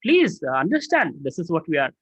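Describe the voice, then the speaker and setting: A man voicing a gentle, patient village father upholding tradition. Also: a little high, huge pitch swings, fairly quick, breathy edge, no echo, exaggerated voice.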